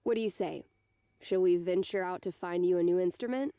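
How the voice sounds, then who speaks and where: Woman reading dry teasing young man, gravelly, mellow tone. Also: lowish voice, fairly quick, dry recording, close to an everyday voice.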